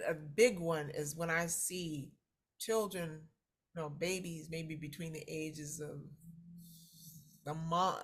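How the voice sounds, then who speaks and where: A woman co-hosting a podcast, an animated storyteller who acts out what people said. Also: on the low side. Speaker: podcast co-host. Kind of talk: casual chat.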